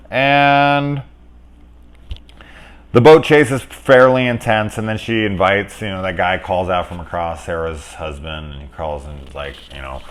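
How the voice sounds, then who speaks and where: A man talking casually through a movie review, rambling, correcting himself, and getting lively when he retells scenes. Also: sits low. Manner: rambling, conversational, self-correcting. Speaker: film reviewer.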